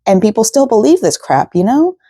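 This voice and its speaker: A woman's voice: fairly high pitch, very animated, fairly quick, mellow, breathy edge, no echo, clean studio sound. A woman craft vlogger chatting casually at home at night, rambling and full of fillers. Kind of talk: casual vlog chat.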